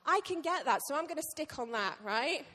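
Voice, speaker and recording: Lady pastor preaching, high voice, bouncy and jokey with the crowd, big church reverb. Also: a little fast. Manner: lively, joking asides to the congregation. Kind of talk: sermon. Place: church hall. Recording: long reverb of a church hall.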